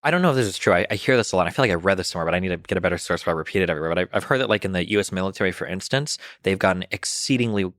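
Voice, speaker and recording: A man in his thirties talking as a podcast guest in casual conversation, quick and rambling, with many restarts and fillers. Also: low-pitched, expressive, a bit bright, no room sound, clean studio sound. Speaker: podcast guest, political commentator.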